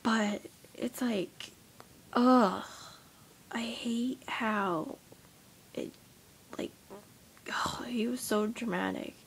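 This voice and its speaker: A tired young woman with a headache, rambling in a soft, half-whispered voice as she vents to her vlog camera. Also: fairly high pitch, drawn-out words, vocal fry, pauses often, slight background noise. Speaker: vlogger. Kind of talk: casual rant to camera.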